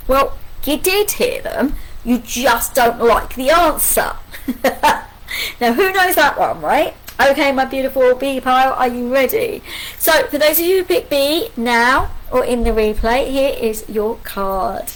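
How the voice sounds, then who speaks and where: A middle-aged woman, giving a live pick-a-card angel reading in a chatty, animated way, full of rhetorical questions. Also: sits high, unhurried, rough recording.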